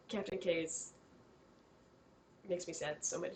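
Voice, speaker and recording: Young woman, game master, giggly and chatty, mid-pitch. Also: expressive, moderate pace, a bit bright, a little hiss or hum. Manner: giggly, chatty, breaks into laughter. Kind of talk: narrating a tabletop game.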